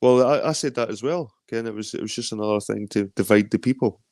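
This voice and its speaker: A man's voice: fairly low pitch, fast talker, darkish tone, no echo, clean studio sound. A Scottish man hosting a stream, chatting loosely and reading out viewer comments, rambling with lots of swearing. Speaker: stream host.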